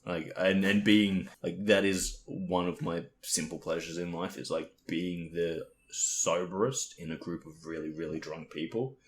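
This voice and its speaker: Here a young man co-hosting a podcast speaks in a low voice at a measured pace, barely pausing. His casual storytelling is full of laughter, swearing, and impressions of others, and the recording carries a roomy echo and faint noise.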